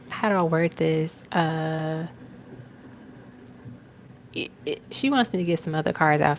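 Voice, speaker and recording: Young woman doing a live tarot reading, kinda low voice, lots of vocal fry, super casual with lots of likes and ums. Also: slight background noise, rough recording. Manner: casual, chatty, many fillers and laughs. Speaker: tarot reader.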